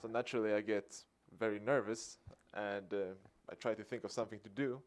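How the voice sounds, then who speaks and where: A Swedish activist is giving a public talk, his voice on the low side and a little fast. He tells a story in a lively way, acting out the dialogue and chuckling.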